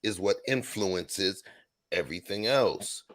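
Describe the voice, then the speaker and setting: A man's voice: on the low side, slow, a bit bright. A man hosting a casual panel discussion, lecturing and calling on the other guests. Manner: lecturing, drives the talk, calls on others.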